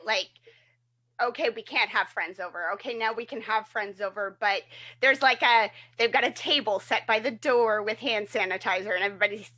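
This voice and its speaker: This female podcast co-host has a bright, forceful, medium-pitched voice and speaks at normal speed. She keeps the conversation loose, rambling and leaning heavily on fillers.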